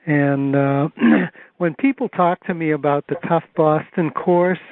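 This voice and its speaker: An older man recalling his past in a measured, thoughtful way, with fillers, on a conference call. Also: a little high, fairly even intonation, no room sound. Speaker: retired course measurer. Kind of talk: reminiscing on a call. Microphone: telephone. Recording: phone-line conference call.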